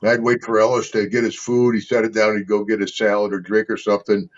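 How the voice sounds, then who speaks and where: A man's voice: on the low side, level tone, fast talker. An older man, an interview guest, telling casual rambling stories and laughing often between them. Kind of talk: casual storytelling. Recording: slightly dull lo-fi sound.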